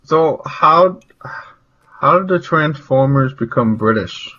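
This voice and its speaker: A man's voice: fairly high pitch, lively intonation, slow pace, sharp tone. Man asking skeptical questions, dull sound. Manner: skeptical, asks short questions. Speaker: podcast co-host. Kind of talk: casual podcast chat.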